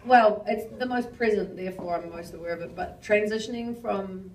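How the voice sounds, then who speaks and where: A woman's voice: medium pitch, a little fast, noisy background. A woman from New Zealand with a New Zealand accent, telling stories as a guest at a live panel, chatty and self-mocking with frequent swearing. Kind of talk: rambling live panel talk. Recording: roomy hall audio, distant mic.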